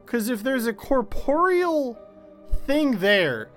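A man's voice: very high voice, very animated, slow, a bit bright, faint music behind. A man co-hosting a podcast, reacting to a ghost story with questions, swearing and joking. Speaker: podcast co-host. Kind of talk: casual chat.

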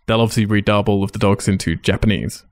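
A man's voice: fairly low pitch, steady tone, fast, no room sound. A man hosting a podcast, chatting in a laid-back way, swearing casually and laughing often. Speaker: podcast host. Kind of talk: casual chat.

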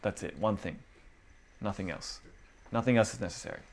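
A man preaches a casual, informal sermon to a small indoor group, speaking conversationally and acting out his listeners' inner voices. His voice is fairly low and a little fast, with slight background noise.

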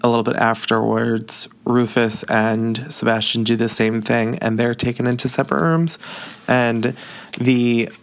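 A young man casually recapping a book, candid and chatty, often breaking into laughter. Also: mid-range voice. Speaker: book reviewer.

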